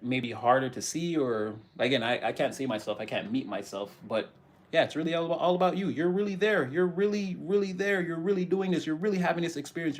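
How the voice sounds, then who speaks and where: Emphatic man giving a spiritual tarot reading. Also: fairly high pitch. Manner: emphatic, repeats key phrases. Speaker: tarot reader.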